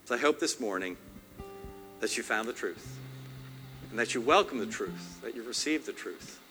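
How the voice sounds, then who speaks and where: A man preaching a sermon as pastor, emphatic and repetitive, swinging between loud and hushed. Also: mid-range voice, expressive, moderate pace, faint music behind. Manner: emphatic, swings loud and soft, repeats phrases. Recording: long hall reverb.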